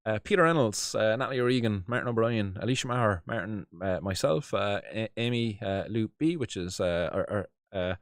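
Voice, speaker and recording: Irish male host, low-pitched, smooth; loose, filler-heavy casual delivery, dry close sound. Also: brisk, few pauses, no echo. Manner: rambling, many fillers and restarts, swears casually. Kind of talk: casual commentary.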